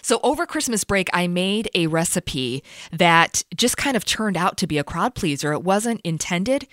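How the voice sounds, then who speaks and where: Gal hosting a radio show, lowish voice, laughs at herself a lot, dry sound. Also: female voice, expressive, normal speed, a bit bright, no echo. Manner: chatty, laughs easily, self-deprecating. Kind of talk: casual chat.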